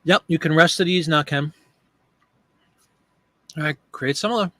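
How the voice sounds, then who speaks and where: A man with a slightly high, sharp-toned voice runs a casual live stream at a moderate pace, thinking aloud as he works and chatting with viewers by name. He's a live-stream host and online seller, and the recording is dry.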